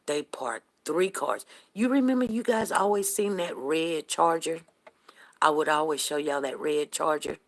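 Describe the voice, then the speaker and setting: A woman's voice: low voice, a little slow. A middle-aged woman, telling a neighborhood story casually to live viewers and greeting them by name. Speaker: livestream host.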